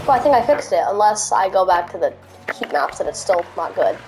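Goofy, excitable woman gaming host. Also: medium pitch, fairly quick, faint music behind. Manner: goofy, sings made-up silly songs between remarks; bursts into frustrated shouts and cursing at the game. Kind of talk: casual gameplay commentary.

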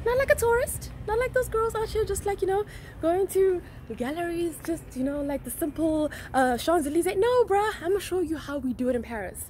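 Brief: young woman vlogger, high bright voice, bubbly and slangy, faint street hum behind. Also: brisk. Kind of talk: casual vlog to camera.

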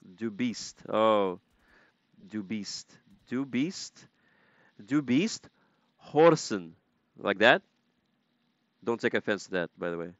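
Man, gamer streamer, slow unhurried speech, dull lo-fi audio, casual and playful. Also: fairly low pitch, lively intonation, fairly bright tone, no room sound. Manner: playful, repeating foreign words to practice. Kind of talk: casual gaming live-stream chat.

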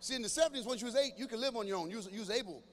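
A middle-aged man performing stand-up comedy at a live show in a large church venue, talking straight to the crowd in an animated way and now and then breaking into shouts. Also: extremely high pitch, racing, slight background noise. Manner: animated, addresses the audience directly, breaks into shouts. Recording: echoey hall with faint ambience.

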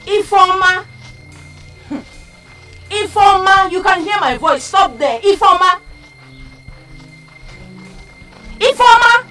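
An indignant wife speaks in a Nigerian accent. Her voice is very high and swings sharply. She sounds far from the mic in an echoey space. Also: huge pitch swings, moderate pace, a bit bright, faint music behind, exaggerated voice. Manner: shrill, indignant. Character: angry wife confronting a rival.

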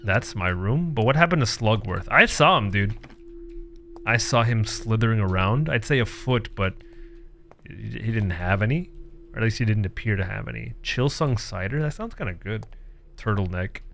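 Guy streaming a horror game, cracking jokes nonstop, bright voice that jumps up and down a lot, keyboard clacking behind. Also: fairly low pitch, animated, normal speed, vocal fry. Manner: jokey, sarcastic, laughs often, reads game text aloud. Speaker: gaming streamer. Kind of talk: comedic game commentary.

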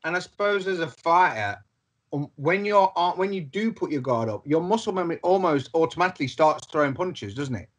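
Husky, lively storyteller man. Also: a little high, a little fast. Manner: animated storyteller, swears freely, acts out quoted characters. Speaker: podcast co-host. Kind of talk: casual chat.

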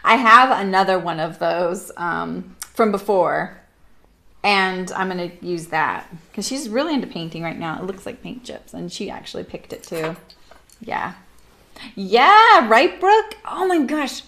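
A woman's voice: mid-range voice, expressive, a little slow, pushed and bright. A woman in her forties from Southern California, hosting a sewing livestream and telling rambling stories with lots of fillers. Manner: chatty, rambling storyteller with frequent fillers and laughs. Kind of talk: casual chat while sewing. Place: home sewing room.

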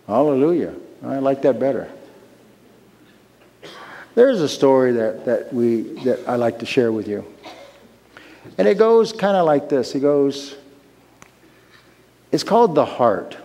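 A man pastor preaching a sermon in a church sanctuary, slow and emphatic, repeating his key phrases. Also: medium pitch, very animated, mellow. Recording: long reverb of a large hall.

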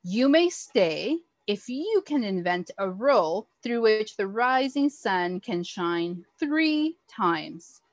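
A woman's voice: mid-range voice, big pitch swings, slow, hardly any pauses, no room sound. A woman voicing an angry, commanding male duke as she reads a picture book aloud to children, roaring his orders. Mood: stern. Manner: roaring, stern and loud.

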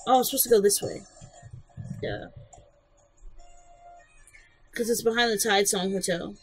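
A woman's voice: mid-range voice, measured pace, a little mellow, faint music behind, low-quality recording. A woman giving casual, blunt gameplay commentary, joking and swearing freely. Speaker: let's play host.

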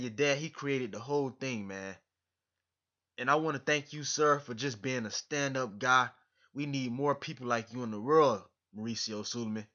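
A man's voice: medium pitch, pushed and bright. Effusive man on a dull lo-fi vlog. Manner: effusive, repetitive, keeps saying "man"; emotional, grateful. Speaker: boxing fan vlogger. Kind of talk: direct-to-camera vlog address. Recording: dull lo-fi recording.

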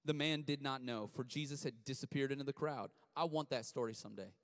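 A man preaching to a youth service, energetic and conversational, acting out the people in the story. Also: medium pitch, brisk. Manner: energetic, conversational, acts out quotes. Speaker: youth pastor. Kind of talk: sermon. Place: church hall, streamed. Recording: long hall reverb.

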